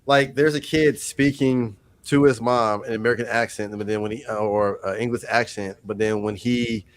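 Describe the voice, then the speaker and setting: A man hosting a casual livestream chat, telling stories in loose slangy talk and jumping into high mocking voices for quotes. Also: steady tone, moderate pace, dry recording. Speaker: host.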